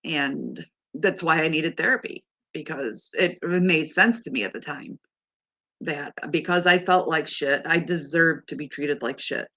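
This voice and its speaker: A woman with a somewhat low voice talks straight to her listeners. She is blunt and animated, swears without fuss, and laughs through her own stories. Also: unhurried. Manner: frank and animated, swears freely, laughs often. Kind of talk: casual chat.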